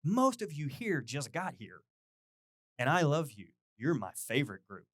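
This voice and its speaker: A middle-aged male pastor giving a chatty, animated sermon, poking fun at himself and acting out little conversations. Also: fairly high pitch, unhurried, breathy edge, no room sound, studio quality. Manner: animated, self-deprecating, quotes people in lively voices.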